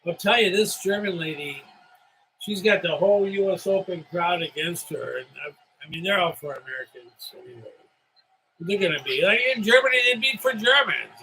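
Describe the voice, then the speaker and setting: A man's voice: high-pitched, bright, forceful tone, slight background noise, poor audio. A middle-aged man from upstate New York hosting a solo live stream, rambling and chatty after a few drinks. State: slightly tipsy.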